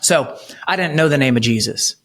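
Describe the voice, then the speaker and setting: A man in his thirties, a podcast guest, earnestly telling a personal story of faith, slowing down to stress key moments. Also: mid-range voice, a bit bright. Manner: earnest storytelling, slows for emphasis. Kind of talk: personal testimony in an interview.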